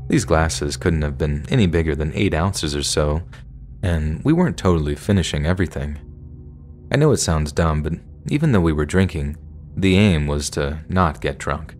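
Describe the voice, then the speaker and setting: A man's voice: very deep voice, a little mellow. A man narrating a first-person horror story in a casual, conversational way.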